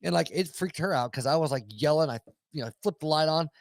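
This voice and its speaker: A man's voice: fairly high pitch, quick pace, dry recording. Foul-mouthed man telling a story, dry sound. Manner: profane, animated storyteller. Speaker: podcast co-host. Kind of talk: casual chat.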